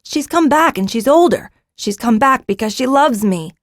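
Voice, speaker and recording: A small boy who clamors and insists, pushing himself forward, as a woman reads him. The voice is pitched high above her own and comes out loud and eager. Dry, close audiobook sound. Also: animated, moderate pace, no echo, close to an everyday voice. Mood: clamoring. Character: pushy excited young boy. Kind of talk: audiobook character reading.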